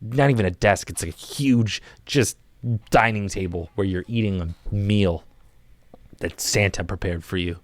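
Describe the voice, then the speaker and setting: Low-voiced man doing a playful mock meditation. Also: dry recording. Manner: soft, drawn-out, playful imagery with frequent restarts. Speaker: podcast guest. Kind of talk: comic mock guided meditation.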